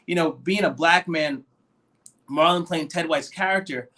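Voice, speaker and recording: Man, high voice, casual film chat, animated, acts out quotes. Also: normal speed. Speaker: podcast co-host. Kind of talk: casual movie discussion.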